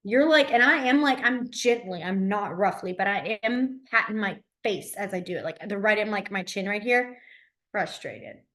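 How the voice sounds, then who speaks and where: A young woman teaching a beginner sign language class, chatty and quick to laugh, with lots of fillers. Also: mid-range voice, a bit bright. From Alabama. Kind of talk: casual classroom instruction.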